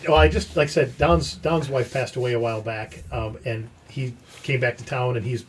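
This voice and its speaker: A man's voice: mid-range voice, moderate pace, a little hiss or hum. A man hosting a podcast, telling a story in casual chat and acting out the quoted dialogue. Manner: animated, acts out quoted dialogue. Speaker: podcast host.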